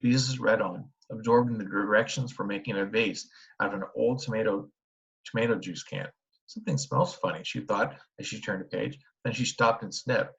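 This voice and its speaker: A man narrating a children's book in a steady storytelling manner. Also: fairly low pitch, moderate pace, creaky. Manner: steady storytelling with small restarts. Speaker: audiobook narrator. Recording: dull lo-fi recording.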